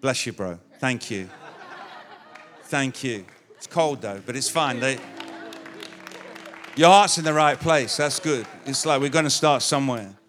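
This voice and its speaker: A man's voice: medium pitch, measured pace, long pauses, fairly bright tone, faint music behind, a faint crowd. A male pastor preaching a sermon in a conversational, illustrative way, with touches of humor. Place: church.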